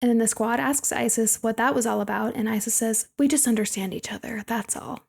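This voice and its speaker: A woman's voice: fairly high pitch, fairly quick, vocal fry, a little mellow. A young woman co-hosting a movie podcast, chatting casually, laughing often and acting out quotes. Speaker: podcast co-host. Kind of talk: casual chat recapping a movie.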